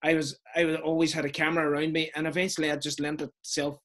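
Donegal Irish man, slow and deliberate. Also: fairly high pitch, level tone, fairly bright tone. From Ireland. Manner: friendly, talks deliberately slow and clear. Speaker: wedding photographer, guest. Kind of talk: casual video call interview.

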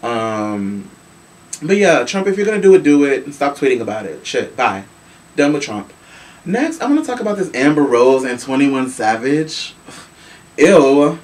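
A man from Chicago hosting a casual celebrity gossip show, sassy and animated, swearing freely. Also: mid-range voice, normal speed. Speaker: show host. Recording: voice from a distance with faint room noise.

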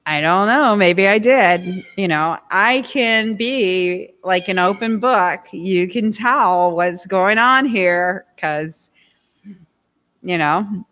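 A woman's voice: mid-range voice, slow pace, a bit bright. A woman vlogger giving casual advice to the camera, chatty and direct, with many fillers and asides.

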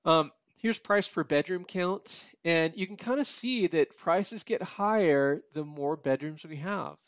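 Man, tired, casual tutorial talk, fairly high voice, dry dull lo-fi recording. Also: unhurried, dry recording. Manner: conversational, frequent "okay?" and "you know" asides. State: tired, yawning. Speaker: real estate appraiser teaching a data tutorial. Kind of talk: casual screen-share walkthrough.

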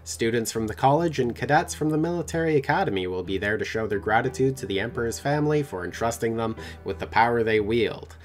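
Over soft background music, a man with a medium-pitched, animated voice hosts a text game play-through, reading the story aloud and joking between passages. He's playful and quick to laugh, keeping the banter casual.

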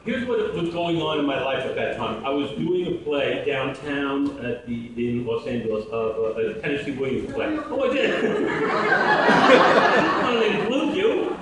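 A man's voice: mid-range voice, big pitch swings, measured pace, heavy background noise. Joking man in an echoey hall. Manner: jokey, laughing storyteller. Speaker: convention panel guest. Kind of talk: convention panel Q&A. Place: convention panel room. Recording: echoey hall, mic held far off.

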